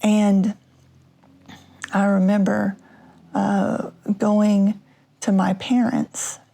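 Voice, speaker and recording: Female podcast host, slow and halting storyteller, dark gravelly tone. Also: medium pitch, completely flat delivery. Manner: halting, many restarts and fillers. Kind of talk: personal storytelling.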